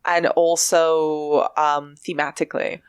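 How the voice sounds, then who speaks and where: A woman's voice: low-pitched, flat delivery, slow pace, clean tone, no room sound, studio quality. A woman hosting a film podcast, articulate and inquisitive as she sets up questions for her guest. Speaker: podcast host. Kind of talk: casual podcast conversation.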